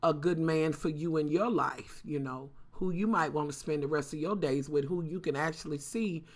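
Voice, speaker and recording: A woman's voice: sits low, normal speed. A woman vlogger telling a story casually and talking straight to her viewers, cursing freely and with lots of animation.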